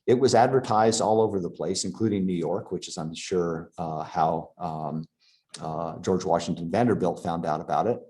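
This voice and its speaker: A man giving a local history lecture over slides, pausing often with fillers and restarting his sentences. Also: sits low, darkish tone. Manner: halting, many fillers and restarts.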